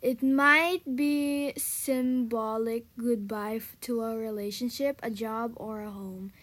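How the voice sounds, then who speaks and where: High-voiced young woman rambling a story. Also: steady tone, slow, a bit bright. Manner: rambling, full of "and then, um", giggly. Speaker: podcast co-host. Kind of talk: casual chat, storytelling.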